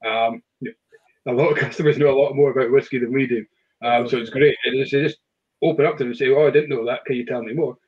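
A man's voice: medium pitch, steady tone, quick pace, slightly rough, dull audio. Man hosting a whisky chat, full of fillers. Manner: hesitant, many fillers and restarts. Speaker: whisky shop host. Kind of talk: casual online chat.

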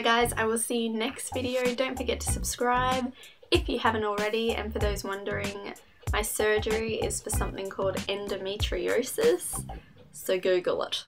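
A woman's voice: mid-range voice, vocal fry. Young woman, bubbly vlogger reading letters, music bed behind. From Australia. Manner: bubbly, reads letters aloud with quick asides. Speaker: YouTuber reading fan mail. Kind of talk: casual vlog chat. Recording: music playing under the voice.

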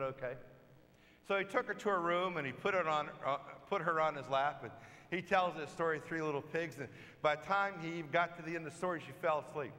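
Bright-voiced priest preaching in a church. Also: male voice, on the high side. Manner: storytelling, conversational, acts out quoted lines. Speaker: pastor. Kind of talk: sermon. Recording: long church reverb.

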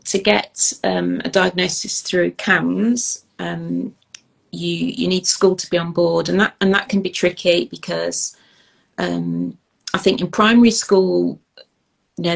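A middle-aged woman, an ADHD youth coach, speaking earnestly in an interview with many pauses and ums. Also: on the low side, vocal fry, husky, low-quality recording. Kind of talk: interview conversation.

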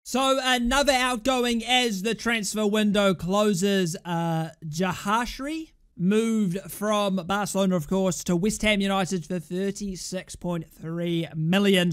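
A young British man giving live, excitable commentary over a football video game, swearing and shouting at his computer teammates. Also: high-pitched, a little slow, hardly any pauses, clear, resonant tone. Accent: British English. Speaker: gaming YouTuber.

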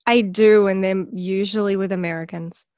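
Brief: Australian woman guest, bubbly and expressive, plays out quotes in her stories, dry close recording. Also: mid-range voice, moderate pace, smooth, dry recording. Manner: animated, acts out quoted remarks with laughter. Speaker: podcast guest. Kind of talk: casual chat.

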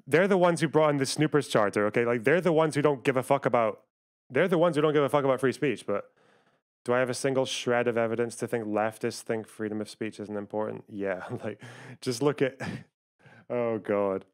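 A young man from the UK talks straight to his live chat, swearing often and jumping between rants and quick asides. His voice sits at an ordinary middle pitch, and he argues in rambling bursts full of "like" and "you know.". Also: clean tone. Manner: profane, argumentative, rapid asides to chat. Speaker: livestreamer. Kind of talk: live stream commentary, reacting to chat.

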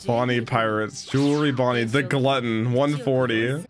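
A man hosting an anime reaction video, talking in an excitable, exclamatory, slangy way. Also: a little high, measured pace, few pauses.

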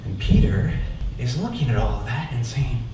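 A man's voice: mid-range voice, animated, moderate pace. A man performing a theatrical storytelling monologue in a one-man show, talking conversationally and often checking in with the audience with "right?". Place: live stage in a theater. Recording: echoey room, mic far off, noisy.

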